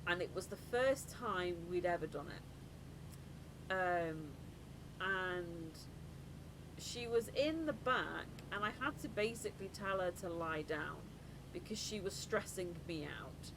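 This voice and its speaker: A woman's voice: fairly low pitch, takes it slowly. A woman streamer telling stories in casual chat, laughing often and acting out other people. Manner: laughs often, animated storytelling with voiced impressions. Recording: live stream with clear background noise.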